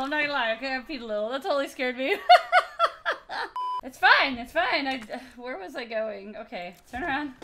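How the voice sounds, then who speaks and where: A young adult woman commentating a horror game as its streamer, swearing loudly, shrieking at scares and laughing. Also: high voice, animated, a little fast, background noise. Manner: loud, swearing, screaming at jump scares, laughing. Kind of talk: let's play commentary.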